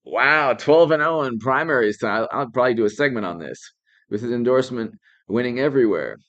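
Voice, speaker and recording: A man's voice: mid-range voice, animated, a little fast, fairly bright tone, muffled recording. A man hosting a live political commentary stream, rambling, laughing often and thanking viewers by name.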